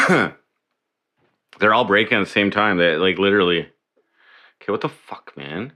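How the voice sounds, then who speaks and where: A man's voice: on the low side, big pitch swings, normal speed, pushed and bright. A man hosting a casual livestream, swearing and grumbling as he fixes his setup. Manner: swearing, grumbling over tech trouble. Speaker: livestream host.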